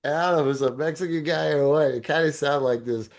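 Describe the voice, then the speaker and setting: A man's voice: on the high side, quick pace. A man co-hosting a podcast, telling a story in casual chat, swearing freely and acting out the people he quotes. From lives in LA. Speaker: podcast co-host.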